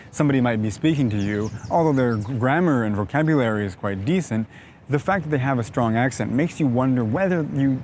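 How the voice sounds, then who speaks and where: A man's voice: mid-range voice, a little mellow, slight background noise. North American man coaching English pronunciation. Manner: measured, emphatic teaching delivery with frequent "now". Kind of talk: explanatory video lesson.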